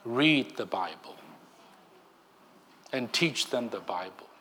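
A male minister delivering a sermon at an unhurried pace. He is emphatic and often restarts his phrases. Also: medium pitch, lively intonation, sharp tone, a little hiss or hum. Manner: slow, emphatic preaching with many restarts.

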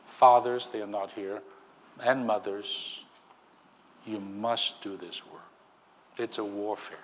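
A male minister delivering a sermon at an unhurried pace. He is emphatic and often restarts his phrases. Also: fairly low pitch, steady tone, slight background noise. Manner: slow, emphatic preaching with many restarts.

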